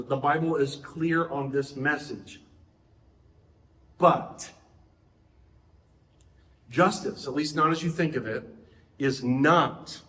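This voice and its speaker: A man's voice: a little high, a bit bright, reverberant. A middle-aged man preaching a sermon in a conversational way, often turning to the audience with questions.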